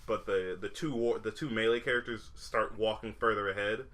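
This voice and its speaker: A man's voice: on the low side, fairly even intonation, fairly quick, a bit bright. A young man co-hosting a podcast, chatting casually and rambling with lots of fillers, restarts and swearing. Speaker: podcast co-host. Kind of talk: casual chat.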